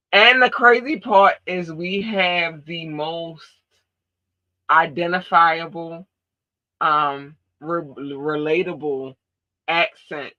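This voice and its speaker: A woman's voice: deep voice, bright, forceful tone, highs cut off. A woman from Baltimore with a Baltimore accent, podcast host in casual chat, talking in an emphatic, blunt and profane way. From Baltimore, USA.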